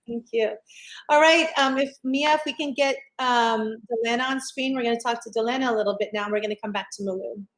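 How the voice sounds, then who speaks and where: An upbeat woman hosting an interview over a video call. She talks in a slightly high voice, chatty and loose, often circling back and repeating herself as she lays out what comes next. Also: brisk, a bit bright, low-quality recording. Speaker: host.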